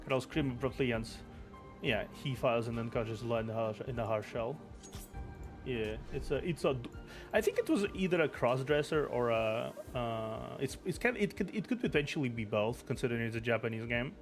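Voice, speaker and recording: A man's voice: mid-range voice, animated, brisk. Young male streamer reading a game aloud. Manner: stumbling, self-correcting reading. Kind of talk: reading game story aloud, casual chat. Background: background game music.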